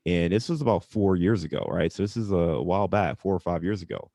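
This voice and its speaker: A man talking as a guest on an online webinar, relaxed and conversational. His voice sits very low. The recording is dry, from a call mic. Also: fairly quick, gravelly, no echo. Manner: relaxed, conversational, frequent fillers. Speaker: real estate investor guest. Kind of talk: casual webinar chat.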